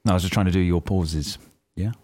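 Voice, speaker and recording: Low-voiced man co-hosting a podcast. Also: steady tone, fast, a little mellow, dry recording. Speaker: podcast co-host. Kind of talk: casual podcast banter.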